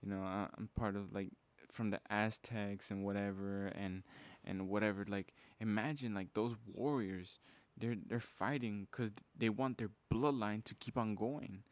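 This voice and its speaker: A man's voice: lowish voice, fairly even intonation, a little slow, no echo. A young man hosting a podcast, giving a casual, fired-up motivational talk full of "bro" and "man". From Mexican heritage. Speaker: podcast host.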